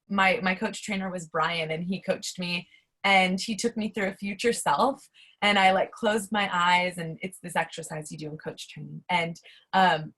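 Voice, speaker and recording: A young adult woman speaking as a guest in a casual interview, lively and full of fillers and restarts. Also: mid-range voice. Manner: animated, many fillers and restarts. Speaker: interview guest, academic life coach.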